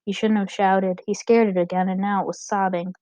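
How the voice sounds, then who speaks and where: A woman narrating an audiobook chapter in a steady, expressive reading. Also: medium pitch, brisk, dry recording. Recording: dull, dry lo-fi recording.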